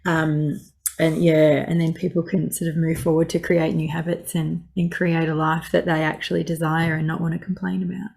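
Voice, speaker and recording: A woman hosts a relaxed interview, her voice sitting a little low. She sounds enthusiastic and lets her phrases fade softly. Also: moderate pace, creaky, breathy edge. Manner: enthusiastic, repeats praise, soft low trailing phrases. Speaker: host, coach and healer. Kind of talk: casual conversational interview.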